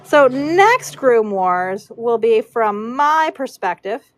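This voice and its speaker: Streamer, woman, chatty and loose, high voice, dry close sound. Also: expressive, slow pace, no room sound. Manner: chatty, reads viewer comments aloud while working. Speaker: livestreaming horse braider. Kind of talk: casual livestream chat.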